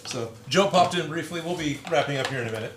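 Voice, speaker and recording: A man's voice: fairly high pitch, fast, background noise. A man hosting a casual maker livestream from his workshop, chatting and reading out viewer comments.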